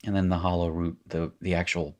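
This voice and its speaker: Low-voiced man teaching, rambling and wry. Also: little pitch movement, a little fast. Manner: rambling, self-interrupting, wry asides. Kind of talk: recorded language lesson.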